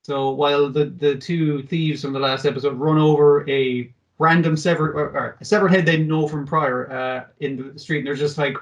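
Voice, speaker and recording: A man's voice: medium pitch, normal speed, recorded from a distance, highs cut off. A man co-hosting a podcast, recapping an anime episode in casual chat, swearing and acting out the characters' lines. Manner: sweary, animated, acts out quotes. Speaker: podcast co-host.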